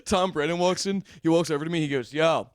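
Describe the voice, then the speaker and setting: A man trading stories on a comedy podcast, excitable and cursing freely, shouting out the lines he quotes. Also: on the high side, fast talker, dry recording, clean studio sound. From Philadelphia. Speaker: podcast co-host. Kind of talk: casual comedic banter.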